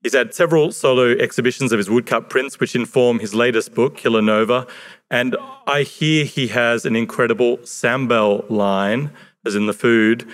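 A man hosting a live event, reading a measured introduction of the next performer. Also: medium pitch. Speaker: event host.

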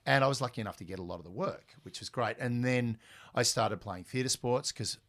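A middle-aged man, a guest telling animated stories in a conversation. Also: mid-range voice, brisk. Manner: animated, lively anecdotes with quoted dialogue. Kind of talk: storytelling in a conversational interview.

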